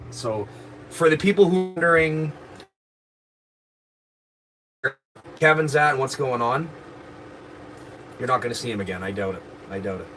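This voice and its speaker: A man's voice: on the low side, background noise. Profane man venting to viewers. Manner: profane, rambling, aggrieved. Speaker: live streamer. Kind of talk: casual storytelling to viewers.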